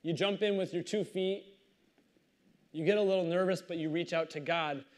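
Male pastor, slightly high voice, animated reading and sermon commentary. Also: normal speed. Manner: animated storytelling, reads scripture then comments conversationally.

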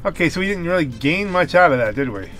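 A man giving casual let's play commentary, musing aloud in a wry, unhurried way. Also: a little high, lively intonation, a bit bright, soft background music. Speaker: game player.

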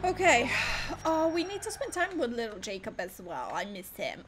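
A young woman commenting on her gameplay in a chatty, excitable way, swearing often. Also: on the high side, moderate pace, few pauses, slight background noise. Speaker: gaming video host. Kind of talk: live gameplay reaction commentary.

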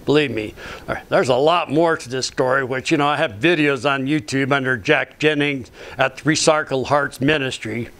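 A man's voice: medium pitch, normal speed, fairly bright tone. A man giving an earnest, rambling personal faith testimony as a ministry speaker, often saying "you know".

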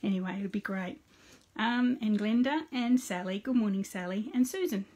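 A woman's voice: mid-range voice, normal speed, a little mellow. A middle-aged woman hosting a casual live card-making demonstration. She chats with viewers by name and narrates each step aloud.

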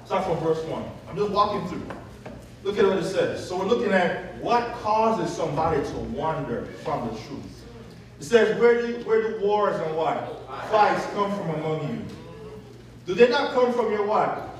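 A man with a very high voice preaches an animated sermon, stopping to have the congregation call back the words. He is picked up from a distance in a church with heavy reverb. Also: normal speed. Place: church sanctuary. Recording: echoey church from a distant mic.

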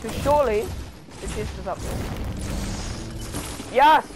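A gaming channel host giving live gameplay commentary, excitable, who yelps and pleads whenever danger comes close. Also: mid-range voice, normal speed, noisy background.

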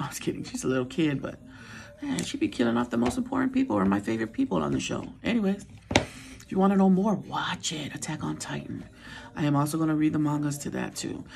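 In her casual weekly chat, a middle-aged woman vlogger talks to her viewers playfully and at length, singing along and dropping to a whisper now and then. Her voice is on the low side, gravelly and darkish.

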